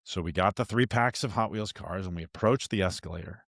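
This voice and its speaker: A man's voice: low voice, fairly quick, a bit bright, dry recording, clean studio sound. A man hosting a podcast, telling a story from his own parenting in a candid, self-reflective way with frequent restarts. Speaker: podcast host. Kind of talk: casual storytelling chat.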